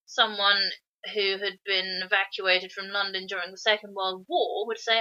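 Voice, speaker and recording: A woman with a forceful, bright, tense voice, picking apart a film in relaxed podcast chat. She sounds opinionated and critical. The audio is a bit dull and lo-fi. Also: mid-range voice, moderate pace. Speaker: podcast co-host. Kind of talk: casual film review chat.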